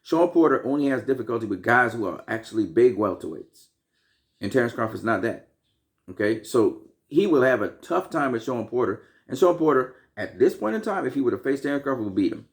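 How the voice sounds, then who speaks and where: A man's voice: medium pitch, very animated, brisk. Blunt, heated man ranting to viewers. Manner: blunt, heated, profane, addresses viewers directly. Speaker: boxing commentary vlogger. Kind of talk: casual opinionated commentary.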